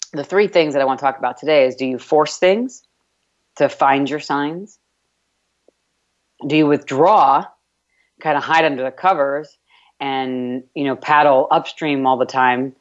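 A woman from New York, with a slight New York accent, hosts a motivational radio talk show and emphasizes points by repeating words. Her voice is extremely low in pitch, and the audio is dull.

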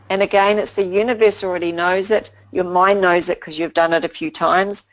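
A woman's voice: medium pitch, steady tone, moderate pace. A woman inspirational speaker giving an earnest motivational talk, repeating simple phrases, on a slightly dull lo-fi recording.

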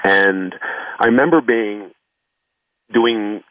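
A man's voice: fairly low pitch, slow pace, dry recording. A man telling his personal story earnestly and reflectively in an interview, heard over a phone line. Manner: earnest, reflective, lots of "you know". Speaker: guest, foundation founder. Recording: tinny phone line, distant from the mic.

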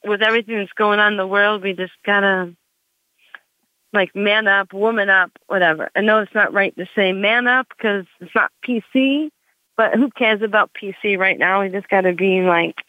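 A woman's voice: mid-range voice, no echo. A Gen X woman in her forties or fifties doing a meandering stand-up monologue, full of restarts and fillers. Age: Gen X, 40s to 50s. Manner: meandering, self-interrupting, lots of likes. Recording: tinny phone-like dry recording.

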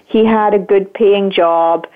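A woman's voice: mid-range voice, steady tone, slow pace. Woman on a tinny phone line. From Scotland. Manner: reflective, searching for words. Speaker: guest. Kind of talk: interview on a call-in show.

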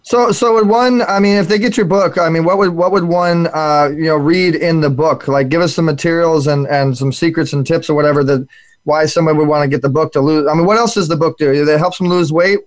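A man's voice: a little high, fairly even intonation, fairly quick. Playful man hosting a talk show. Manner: playful, teasing, rambling questions. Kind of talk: casual interview talk.

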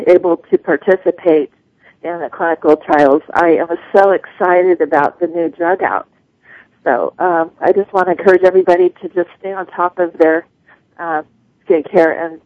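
A woman in her fifties with a nasal voice, calling in to a radio show and speaking earnestly with many pauses. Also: on the low side, dry recording. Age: 50s. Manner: earnest, grateful, halting with fillers. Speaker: caller. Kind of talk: call-in radio chat. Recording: tinny phone line.

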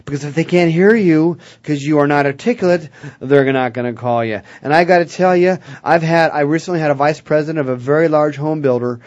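Guy coaching sales folks on a radio show, pumped up, kinda high voice, dry muffled sound. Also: a little fast, dry recording. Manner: energetic, coaching the listeners directly. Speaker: sales trainer. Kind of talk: radio talk show guest.

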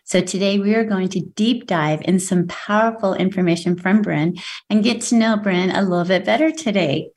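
An upbeat woman hosts a podcast in a casual, enthusiastic tone. She chats warmly with her guest. Her voice has a middle pitch. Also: normal speed. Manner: bubbly, enthusiastic, leads breathing exercises. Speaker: podcast host. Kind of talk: casual chat.

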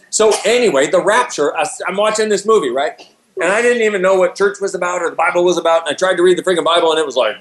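Man, co-host, joking, swears a lot, slightly high voice, roomy echo. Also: fast talker, fairly bright tone, slight background noise. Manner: joking, swears freely, laughs often. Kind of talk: casual chat.

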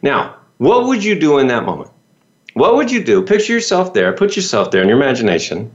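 Male business coach, animated pitch, motivational talk, rhetorical questions, slightly dull lo-fi sound. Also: brisk. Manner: lively, rhetorical questions, folksy.

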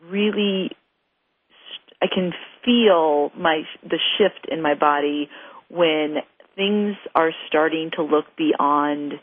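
A woman hosting a show chats casually and personally with her guest, repeating words as she talks. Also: sits low. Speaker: show host. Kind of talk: casual interview chat. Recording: tinny phone line.

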